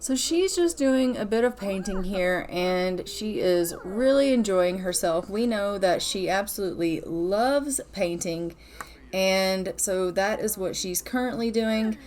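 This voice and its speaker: A woman's voice: medium pitch, a little slow, darkish tone. Chatty woman narrating a life-sim game. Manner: chatty, playful, laughs often. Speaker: gaming channel host. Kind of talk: casual let's-play narration.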